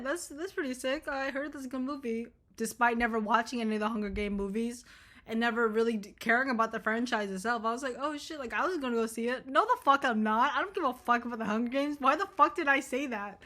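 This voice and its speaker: A young woman talks straight to camera in a loose, rambling storytime vlog, with swearing all through it. Her voice sits a little high and sounds bright and forward, and she swings into lively retellings of what she said and thought. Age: young adult. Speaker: vlogger.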